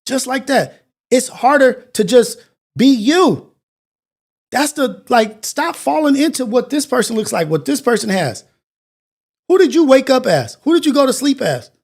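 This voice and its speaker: High-pitched dude hosting a morning show, earnest and preachy, keeps repeating himself. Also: male voice, big pitch swings, a little slow. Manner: earnest, preachy, repetitive phrasing. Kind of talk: motivational monologue.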